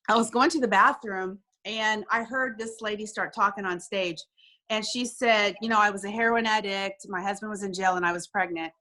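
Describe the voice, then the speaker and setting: A woman speaking over a video call, sharing her own story with heartfelt sincerity. Her voice sits at an ordinary middle pitch, and she stumbles and repeats words when the feeling rises. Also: a bit bright. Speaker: guest. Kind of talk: emotional personal story.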